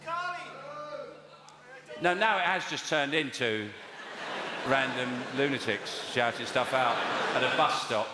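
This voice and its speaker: A man doing stand-up comedy, telling rambling, deadpan stories and bantering with the crowd in a live venue. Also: medium pitch, unhurried, pauses often, heavy background noise. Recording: echoey live venue, loud audience.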